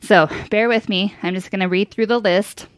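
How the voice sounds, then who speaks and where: A woman in her thirties speaking into a close, dry microphone, telling a personal story as a podcast co-host. She talks candidly, swears freely and breaks into laughter often. Her voice sits at a middle pitch. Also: fairly even intonation, moderate pace, no echo. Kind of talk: casual chat.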